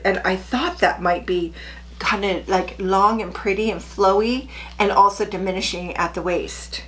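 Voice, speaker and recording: Woman, middle-aged, chatty sewing vlogger, chirpy, faint hum in the background. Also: medium pitch. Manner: chatty, chirpy, self-deprecating. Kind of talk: casual chat to camera.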